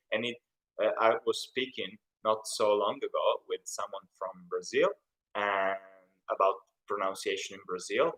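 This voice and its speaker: A man's voice: fairly low pitch, bright, forceful tone, poor audio. A young Italian man with an Italian accent, hosting a casual live stream Q&A and chatting in a rambling way. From Italy. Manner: chatty, rambling, reads out chat comments. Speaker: YouTube channel host.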